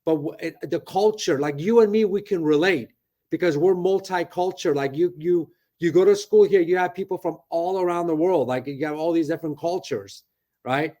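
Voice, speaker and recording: A man's voice: fairly high pitch, moderate pace, mellow. A middle-aged man, a real estate broker, chatting animatedly from his office on a video call and tagging his points with "right?". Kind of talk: casual interview talk.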